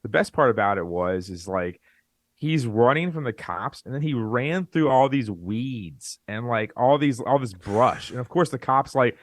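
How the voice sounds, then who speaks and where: A man in laid-back podcast chat who tells stories with eager energy and keeps saying "dude". His voice has a middling pitch, captured close and dry without any room echo. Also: normal speed. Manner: excitable storyteller, says "dude" a lot. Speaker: podcast co-host. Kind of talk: casual chat.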